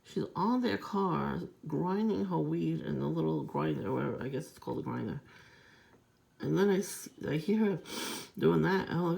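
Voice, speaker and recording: A woman's voice: low-pitched, expressive, moderate pace, gravelly, darkish tone. A woman vlogger telling a long, aggrieved story in a rambling, profane, casual monologue.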